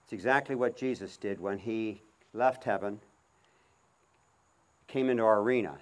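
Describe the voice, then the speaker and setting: A man's voice: fairly low pitch, moderate pace. Preaching man giving a horse demonstration. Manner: calls out commands to a horse, then speaks softly and reflectively. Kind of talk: outdoor sermon with horse demonstration.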